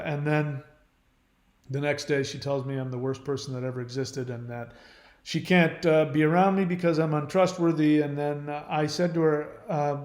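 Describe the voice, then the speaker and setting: A man speaks in an earnest, emphatic monologue, stopping and restarting as he goes. His voice sits a little high for a man. The room is echoey around him. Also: steady tone, moderate pace, a little mellow. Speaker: channel host. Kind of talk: personal monologue.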